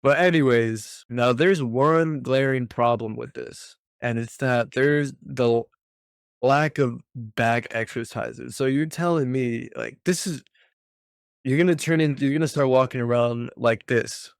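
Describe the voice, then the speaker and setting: A man's voice: mid-range voice, a little slow, gravelly, smooth, dry recording, studio quality. A young man ranting casually about a workout split, profane and exasperated, full of slang. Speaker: fitness vlogger.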